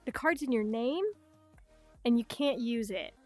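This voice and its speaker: A young woman VTuber streams casually, her voice a little high and her pace measured, with soft music in the background. She rants animatedly in livestream chat, swearing a lot and acting out other people's voices.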